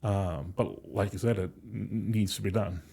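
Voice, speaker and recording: Low, husky man agreeing hesitantly. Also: moderate pace, dark tone. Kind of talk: casual political discussion.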